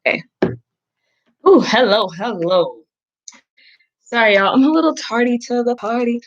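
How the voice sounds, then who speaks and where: A woman's voice: mid-range voice, expressive, measured pace, long pauses, lo-fi sound. A woman hosting a live astrology reading, chatting casually with viewers and poking fun at herself. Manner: chatty, talks to the chat, self-deprecating. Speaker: astrology reader, stream host. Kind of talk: casual livestream chat.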